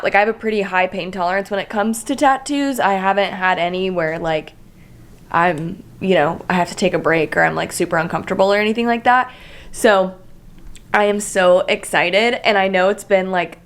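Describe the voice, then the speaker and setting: A young woman rambling cheerfully to her camera in a casual vlog. Her talk is loose and excitable, packed with fillers and easy swearing, and she sits at a middle pitch for a woman. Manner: chatty, swears freely, filler-heavy, excitable. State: emotional, near tears. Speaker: vlogger.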